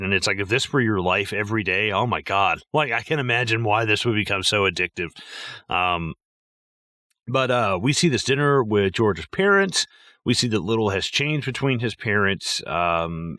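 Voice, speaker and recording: A man co-hosting a movie podcast in loose, rambling chat, swearing freely and leaning on fillers. His voice sits lowish but bright and forward. The recording is dry and close. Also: no echo. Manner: rambling and profane, with many fillers. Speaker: podcast co-host. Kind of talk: casual movie-review chat.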